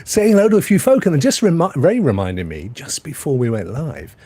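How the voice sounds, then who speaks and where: A man's voice: fairly high pitch, animated, brisk, mellow, husky. A man hosting a casual chat show, jovial, laughing often and calling guests brother and mate. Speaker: host.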